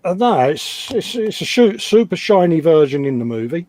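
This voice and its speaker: A man's voice: sits high, very animated, moderate pace, a little mellow. A middle-aged man, co-hosting a live stream in blokey, joking chat, often calling his friend mate. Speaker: co-host.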